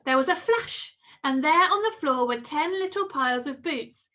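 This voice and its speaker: A woman reading a children's story aloud with expressive, sing-song storytelling. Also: high-pitched, normal speed.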